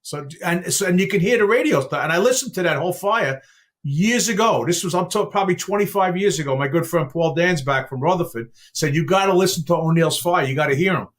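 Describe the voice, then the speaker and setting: A man hosting a podcast, telling stories in a lively casual way and asking questions. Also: sits high, quick pace. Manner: animated storyteller with chuckles and asides. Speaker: podcast host. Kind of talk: casual chat.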